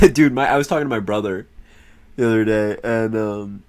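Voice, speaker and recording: A man's voice: fairly low pitch, moderate pace, a little mellow. A young man streaming, chatting casually in a rambling, profane way and laughing often.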